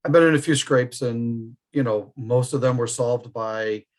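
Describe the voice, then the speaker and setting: A middle-aged firearms trainer from New York state tells stories in casual chat, speaking unhurriedly in a medium-pitched voice. He's an animated storyteller and laughs often.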